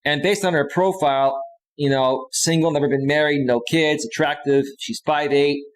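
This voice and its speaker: A man's voice: a little high, fairly even intonation, moderate pace, poor audio. A man coaching in a casual livestream monologue, chatty and often checking in with his listeners, with frequent restarts and repeated phrases. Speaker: dating and life coach.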